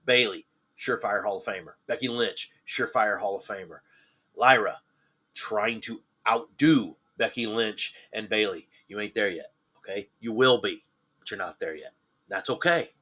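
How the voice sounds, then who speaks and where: Bright-voiced opinionated podcast host. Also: male voice, lowish voice, moderate pace. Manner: opinionated, animated, asks rhetorical questions; peppers talk with "right?" and "all right?". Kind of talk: solo wrestling recap podcast.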